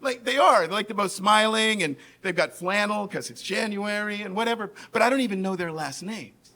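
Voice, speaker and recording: On stage, a New York man with a matching accent tells a funny story from his own life, animated and fairly quick, his voice pitched high. He keeps checking in with the crowd by asking "right?" and gives lively voices to the people he quotes.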